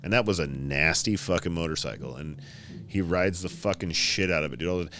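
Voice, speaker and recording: A man who builds custom motorcycles, telling shop stories in casual podcast talk, profane and animated, acting out his customers. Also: low-pitched, fairly quick.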